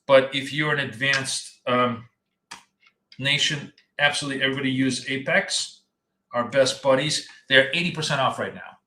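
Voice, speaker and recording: A man's voice: mid-range voice, moderate pace, pushed and bright. A man hosting a live trading stream, chatting casually and rambling as he talks straight to his viewers. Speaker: trading coach and stream host. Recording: echoey room.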